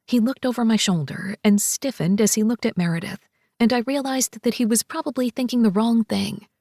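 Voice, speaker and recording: Bright-voiced female audiobook narrator. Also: on the high side, a little fast, no echo, studio quality. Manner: expressive, voices characters. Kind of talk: first-person scripted narration.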